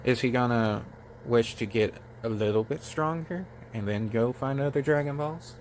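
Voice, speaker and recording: A man hosting his own channel, reviewing a comic chapter in a halting, casual way, full of fillers and restarts. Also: medium pitch, a little hiss or hum. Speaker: channel host. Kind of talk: casual manga review talk.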